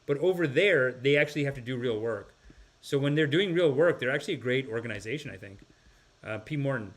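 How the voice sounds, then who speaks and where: A man's voice: medium pitch, a little fast. A man hosting a podcast, reading viewer comments and rambling with sighs and restarts. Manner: rambling, sighing, slips into impressions. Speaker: podcast host.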